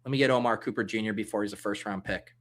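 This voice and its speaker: A man's voice: on the low side, steady tone, rapid-fire, fairly bright tone. A man hosting a casual livestream, thinking aloud as he drafts and answering chat comments in a loose, joking way. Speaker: livestream host drafting fantasy football.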